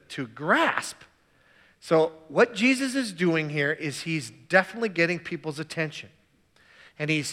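A man's voice: fairly high pitch, sharp tone, big-room sound. A man preaching a sermon as pastor, reading scripture aloud and then explaining it casually, with restarts and asides.

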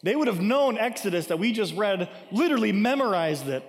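A man's voice: high voice, sing-song, brisk. A man preaching a conversational sermon, often checking in with "right?" and acting out scripture lines with emphasis. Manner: emphatic, acts out scripture quotes. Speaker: pastor. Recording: long hall reverb.

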